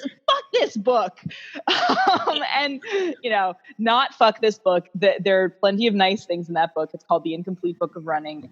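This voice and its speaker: Earnest low-voiced woman, dull lo-fi sound. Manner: earnest and reflective. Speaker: podcast co-host. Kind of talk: heartfelt podcast conversation.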